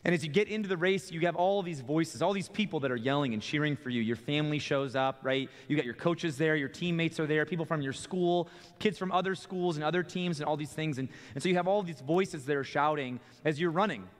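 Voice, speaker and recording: A young man preaching in a church, with a slightly high voice that rings out in a long reverberant hall. He talks the way he would in conversation and often repeats his first words as he starts a thought. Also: a little fast. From Texas. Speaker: student ministry pastor. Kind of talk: sermon. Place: church sanctuary.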